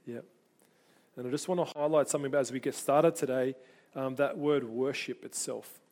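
A man's voice: medium pitch, steady tone, brisk, darkish tone. A man preaching a sermon to his congregation, earnest and conversational, often repeating words as he restarts. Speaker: pastor.

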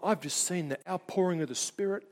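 A middle-aged man preaching a sermon, telling personal stories in an animated way and briefly doing voices for the people in them. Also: high voice. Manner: animated storyteller, doing quick voices for people in his anecdotes.

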